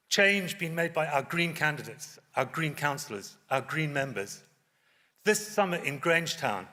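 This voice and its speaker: Guy leading his party, bright sharp voice, dips low to hammer points, long echo of a conference hall. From Wales. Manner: impassioned, drops low for emphasis. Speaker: party leader. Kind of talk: conference speech. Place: large conference hall on stage.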